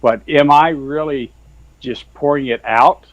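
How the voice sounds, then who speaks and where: A man's voice: on the high side, measured pace, no room sound. Folksy man on a dull video call. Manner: folksy, rambling, heavy on "you know" and "sir". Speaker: guest, Christian author. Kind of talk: earnest testimony in casual chat.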